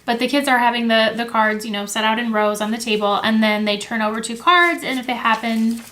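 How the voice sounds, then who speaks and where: A young woman teacher and education video host speaks a little fast, her high-leaning voice pushed and bright, over slight background noise. Chatty and friendly, she explains classroom activities using "um" and "like" and often corrects herself. She's at an indoor table with materials, close to the camera.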